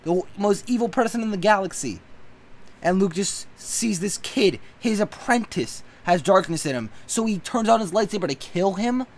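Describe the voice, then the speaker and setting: Guy ranting about a movie, kinda high voice, swears a lot, gets worked up. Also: lively intonation, normal speed. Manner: blunt, profane, worked up. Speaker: movie reviewer. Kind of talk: casual opinion rant.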